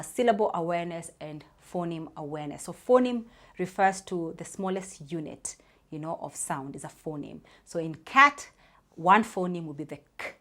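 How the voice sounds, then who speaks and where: A speech therapist in her thirties chats with parents about reading tips, often saying "you know" and spelling out sounds. She has a deep, slightly bright voice.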